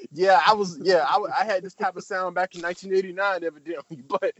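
A man's voice: brisk, highs cut off. A man in casual chat, animatedly recapping a TV episode and acting out the characters' lines with sudden jumps in his voice. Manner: animated storytelling, acting out quotes with big pitch jumps, heavy profanity.

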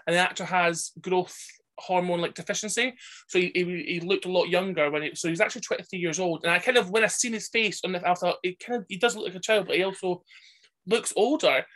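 A man's voice: high voice, quick pace, fairly bright tone. A man who is a podcast guest, chatting casually and animatedly about a film, laughing often and acting out quotes. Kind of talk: casual chat.

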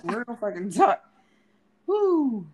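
A woman's voice: mid-range voice, slow, husky. A woman co-hosting a casual podcast chat, ranting loosely with constant swearing. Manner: profane, animated ranting. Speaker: podcast co-host.

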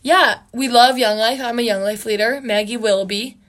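A woman's voice: fairly high pitch, moderate pace, a bit bright. Giggly young woman co-hosting a podcast. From Wisconsin. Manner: playful, teasing, giggly banter. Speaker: podcast co-host. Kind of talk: casual podcast chat.

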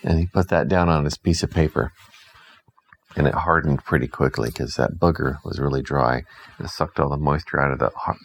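Deep-voiced man telling a silly bedtime tale. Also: gravelly, a little hiss or hum, low-quality recording. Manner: playful, deadpan silly. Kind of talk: improvised bedtime storytelling.

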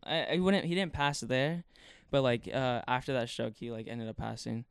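A man's voice: medium pitch, fairly even intonation, normal speed, gravelly, clean tone, no room sound. A young man recounting a story in loose, slangy chat that leans heavily on fillers. His voice is very clean and resonant. The sound is close and dry, with no room around it. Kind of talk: casual chat.

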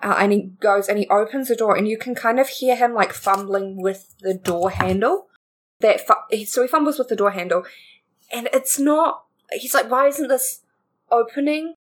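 Woman running a tabletop game, playful, average pitch, breaks into little character voices. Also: moderate pace. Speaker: game master.

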